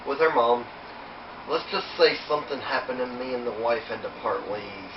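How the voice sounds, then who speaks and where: A man's voice: mid-range voice, normal speed, roomy sound, far from the mic, highs cut off, background noise, natural voice. A man putting on a chatty Irish drifter. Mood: subdued. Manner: chatty, folksy, drops "me" for "my". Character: friendly male Irish drifter hitchhiker.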